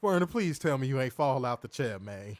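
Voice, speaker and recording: A man's voice: medium pitch, sing-song, a little fast, dry recording. A young man co-hosting a casual review show over a call, laughing hard and talking loose and profane. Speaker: podcast co-host. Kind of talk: casual chat.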